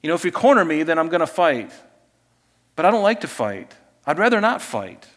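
A man preaching a sermon, animated, swinging between loud emphasis and quiet asides. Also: on the high side, brisk. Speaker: pastor.

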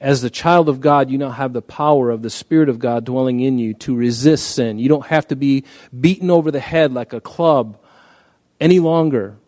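A man preaches through a scripture passage in an earnest, conversational way, lifting his voice for emphasis. His tone is warm and mellow, and the sound is dry and close. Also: medium pitch, normal speed, no room sound. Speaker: pastor. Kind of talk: expository sermon.

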